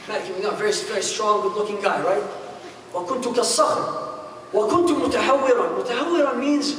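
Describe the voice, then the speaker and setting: A man's voice: sits high, fast talker, a bit bright, slight background noise. A man, an imam, tells a story in a sermon, repeating his phrases and translating Arabic quotes into English as he goes. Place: mosque hall. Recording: echoey hall, mic far from speaker.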